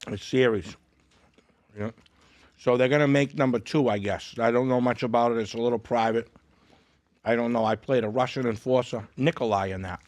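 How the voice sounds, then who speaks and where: A man's voice: medium pitch, moderate pace, no room sound. A man with a Boston accent, a guest on a podcast, telling jokey, boastful stories in casual studio chat. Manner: animated storyteller, jokey and boastful. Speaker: guest comedian.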